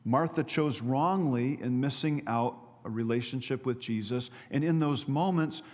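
A man's voice: mid-range voice, measured pace, darkish tone. Man preaching in a reverberant hall. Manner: earnest preaching with frequent repeated words and restarts. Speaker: pastor. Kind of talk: sermon.

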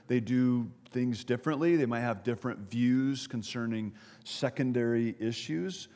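A man's voice: medium pitch, normal speed, warm tone. Man preaching conversationally in an echoey church. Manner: conversational preaching with repeated words and audience asides. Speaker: pastor. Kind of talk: sermon. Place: church sanctuary.

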